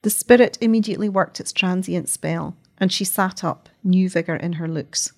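A woman narrating a story as an audiobook in a measured, expressive way. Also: lowish voice, vocal fry.

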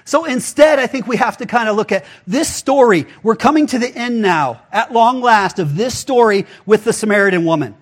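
A man's voice: high voice, animated, normal speed, hardly any pauses, breathy edge. A man preaching a casual, conversational sermon as pastor, often acting out quoted voices with filler words.

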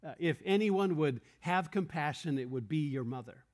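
A man's voice: a little high, lively intonation, normal speed, a little mellow. A man preaching a sermon in a church room, earnest and explanatory, posing questions and quoting verses to the congregation.

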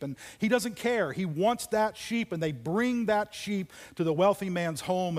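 A man preaching a sermon, telling a story with dramatic pauses and dropping to near whispers for emphasis. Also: high voice, big-room sound. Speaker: pastor. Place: church auditorium.

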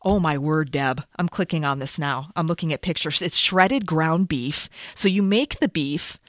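A woman's voice: low-pitched, normal speed, dry recording, studio quality. A woman hosting a radio show, chatting casually and laughing easily at herself. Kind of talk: casual chat.

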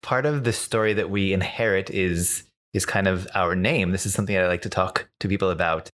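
Reflective interviewer asking gentle questions. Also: sits low, fairly quick.

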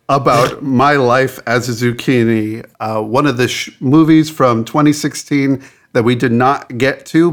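A man co-hosting a podcast, chatting casually and self-deprecatingly. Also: mid-range voice. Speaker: podcast co-host. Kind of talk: casual chat.

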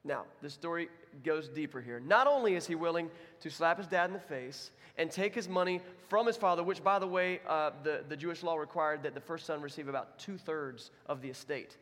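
A man's voice: on the high side, brisk, few pauses, a bit bright, big-room sound. A man preaching a sermon as pastor, in a conversational, self-deprecating way. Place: church.

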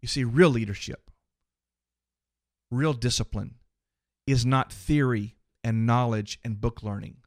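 A man's voice: medium pitch, unhurried, long pauses, no room sound, studio quality. Emphatic man preaching a sermon. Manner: emphatic, repeats phrases for rhythm, addresses listeners directly. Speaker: podcast host and preacher. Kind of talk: motivational sermon.

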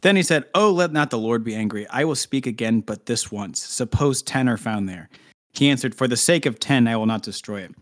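A man of ordinary pitch reads a scripture passage aloud on a casual podcast. He keeps it light, breaking off for jokes and laughing between verses. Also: lively intonation, a little fast. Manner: playful, laughing, jokey asides while reading. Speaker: podcast co-host reading scripture. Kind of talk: casual chat with scripture reading.

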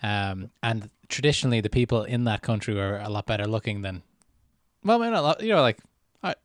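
A young man with an Irish accent, co-hosting a podcast and telling stories in a casual, animated way with frequent laughter. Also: on the low side, brisk, no echo, clean studio sound. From Ireland. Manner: animated storytelling, puts on voices in anecdotes, laughs often. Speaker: podcast co-host. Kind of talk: casual chat.

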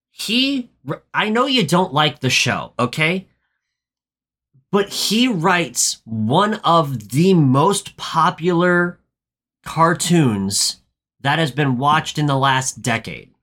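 A man co-hosting a podcast, chatting about a movie with dry quips and quick, stumbling asides. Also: fairly high pitch, fairly bright tone. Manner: dry, wry quips, often rushed asides. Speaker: podcast co-host. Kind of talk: casual movie-recap chat.

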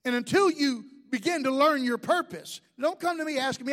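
A man's voice: extremely high pitch, a little fast, a bit bright. A man, a pastor, preaching a sermon with jokes and asides to the congregation.

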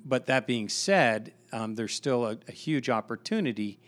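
A man's voice: medium pitch, animated, normal speed, a bit bright. A man, a pastor, chatting on a podcast and telling a work story with lots of restarts and repeated words. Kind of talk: casual podcast conversation.

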